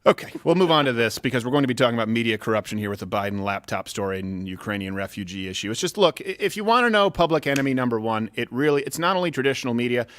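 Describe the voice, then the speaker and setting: A man hosting a comedy talk show in a studio. He is loud and jokey, swears, and swings into mock outrage. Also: medium pitch, animated, racing, hardly any pauses, dry recording. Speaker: host.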